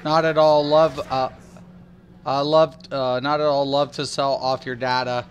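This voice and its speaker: A man's voice: mid-range voice, flat delivery, measured pace, lo-fi sound, slight background noise. A man from Ohio, casually chatting on a livestream while he plays a game, rambling and joking as he reads chat aloud. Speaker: streamer.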